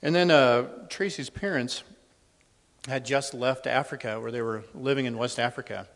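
Gravelly man telling his testimony. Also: mid-range voice, moderate pace, a bit bright. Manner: conversational and a little nervous, with many ums and restarts. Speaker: church member sharing a testimony. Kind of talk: personal testimony told to a congregation. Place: church hall. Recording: long hall reverb.

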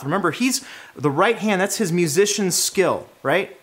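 A man preaching a sermon, swinging between hushed, low passages and loud, impassioned ones. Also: lively intonation, measured pace. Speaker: pastor.

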